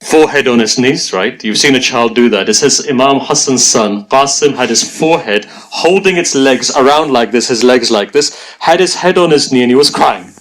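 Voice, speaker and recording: A man's voice: mid-range voice, lively intonation, moderate pace, hardly any pauses, fairly bright tone, rough recording. A man reciting a mourning sermon, emotional and full of rhetorical questions put to his audience. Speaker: religious speaker.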